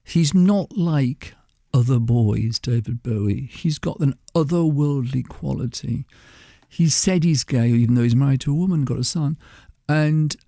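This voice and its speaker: A man's voice: medium pitch, unhurried, vocal fry, dark tone, no echo, clean studio sound. An older man telling stories as a guest on a radio show, chatty and laughing often. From England. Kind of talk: anecdotal radio conversation.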